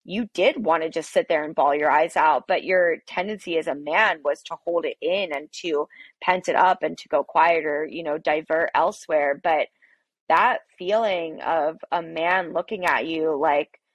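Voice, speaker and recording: Animated woman telling a story, dry close sound. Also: sits low, moderate pace, no room sound. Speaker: podcast guest, coffee shop owner. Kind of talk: casual interview storytelling.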